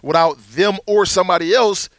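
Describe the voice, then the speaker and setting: A man in his thirties co-hosting a casual sports podcast, telling stories with lively quoted voices. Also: high-pitched, fairly quick, no room sound, clean studio sound. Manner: animated storyteller, acts out quotes. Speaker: podcast co-host.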